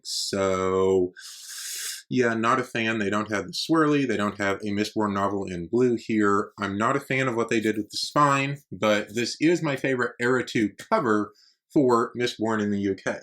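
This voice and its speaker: A man's voice: medium pitch, fairly bright tone. A man hosting a book-collecting vlog, talking casually and enthusiastically as he shows off editions. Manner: enthusiastic, conversational, uses "y'all". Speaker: book collector channel host. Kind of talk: casual show-and-tell vlog.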